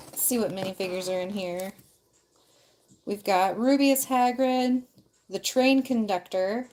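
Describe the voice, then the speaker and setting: A woman hosts a casual livestream, talking straight to her viewers in a friendly, rambling way. Her speech is full of ums and likes, and her voice sits at a middle pitch. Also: measured pace, pauses often, darkish tone. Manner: chatty, talks directly to viewers; loose, filler-heavy talk with frequent ums and likes. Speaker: livestream host.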